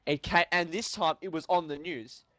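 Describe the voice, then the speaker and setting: A young man telling an animated story in casual chat, swearing often and acting out what people said. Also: a little high, normal speed, no room sound. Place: home room.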